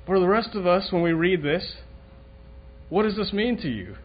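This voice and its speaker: A man's voice: sits high, expressive, normal speed, pauses often. A man preaching a sermon in a conversational way, asking the room questions and often restarting his sentences. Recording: dull lo-fi recording, faint room noise.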